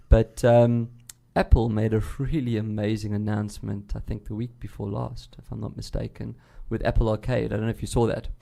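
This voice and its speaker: Gravelly South African radio host. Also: male voice, lowish voice. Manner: rambling, loud and chatty, frequent restarts. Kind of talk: casual radio chat. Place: radio studio.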